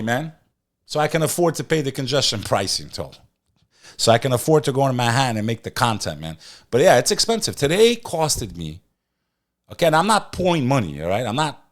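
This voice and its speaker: Animated New man ranting. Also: medium pitch, a little fast. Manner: animated, loud swings, talks straight to live chat. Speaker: podcast host. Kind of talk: ranting news commentary.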